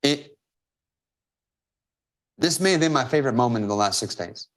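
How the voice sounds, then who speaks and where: A man's voice: mid-range voice, lively intonation, normal speed, fairly bright tone. Guy hosting a live coaching stream on a video call, punchy, repeats stuff for emphasis. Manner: emphatic, repeats phrases for stress. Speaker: host and business coach.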